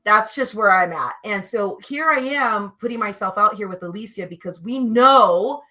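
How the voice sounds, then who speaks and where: Woman, bright voice, animated storyteller, casual spiritual talk, emphatic. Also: medium pitch, moderate pace. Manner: animated, emphatic, acts out quotes. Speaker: podcast guest.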